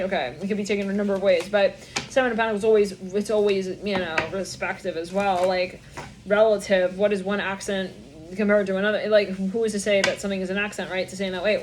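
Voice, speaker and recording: A woman's voice: medium pitch, background noise. A young woman giving a channeled tarot reading, rambling in a stream of consciousness, swearing and laughing often. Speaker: tarot reader.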